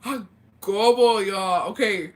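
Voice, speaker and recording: This livestream host has a mid-range voice and takes her time speaking. During a casual chat she reads comments from viewers, spins lively stories packed with fillers, swears without restraint and laughs frequently.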